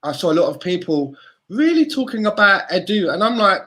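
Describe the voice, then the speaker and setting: A man's voice: high-pitched, big pitch swings, brisk, fairly bright tone. A man co-hosting a casual football podcast, ranting heatedly and swearing constantly. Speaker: podcast co-host.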